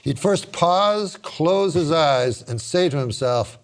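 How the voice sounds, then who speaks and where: Man, talk show host, reads jokes aloud, playful banter, higher voice, very lively pitch. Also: takes it slowly. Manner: reads jokes off cards, laughs often, playful.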